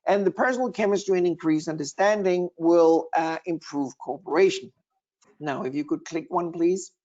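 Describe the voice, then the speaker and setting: A man's voice: fairly high pitch, normal speed, darkish tone, dull audio. A man, a guest expert, presenting slides on a webinar and building his points in lists.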